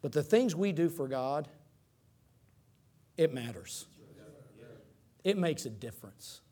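Animated Texan man preaching. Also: on the high side, takes it slowly. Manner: animated preaching with sudden loud climaxes and soft asides. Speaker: pastor. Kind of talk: sermon.

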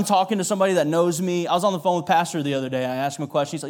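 A man preaching a sermon, telling the story with acted-out quotes, rising loud and dropping hushed. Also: on the high side, steady tone, rapid-fire, hardly any pauses.

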